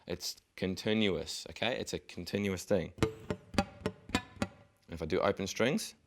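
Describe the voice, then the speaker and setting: A man's voice: deep voice, normal speed. A man teaching a guitar lesson, patiently counting strokes step by step and encouraging the viewer. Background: guitar playing.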